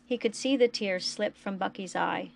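A woman podcast host reading fan fiction aloud in a quiet, even storytelling manner. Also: medium pitch, normal speed, gravelly, a little hiss or hum.

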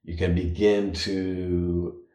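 A man co-hosting a podcast, talking in a casual, reflective way with drawn-out phrases. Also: sits low, flat delivery, warm tone. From United States. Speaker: podcast co-host. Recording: echoey room.

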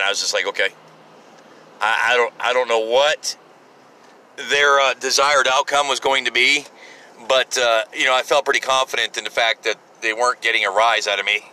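A man's voice: medium pitch, sharp tone, rough recording. Blunt, profane man in his forties. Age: 40s. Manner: blunt, rambling, profane, with many restarts. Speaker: podcast host. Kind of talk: solo podcast monologue.

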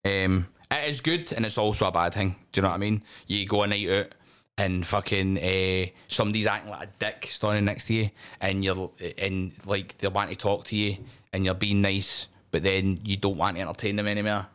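A middle-aged Scottish man with a slightly low voice, chatting on a podcast. He tells animated stories, swears freely and often breaks into laughter. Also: a little fast, clean tone. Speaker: wrestling promotion owner, guest. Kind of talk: casual podcast chat.

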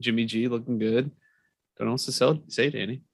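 A man co-hosting a casual sports podcast, giving blunt and slightly halting opinions. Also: mid-range voice, steady tone, gravelly, dry recording. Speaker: podcast co-host.

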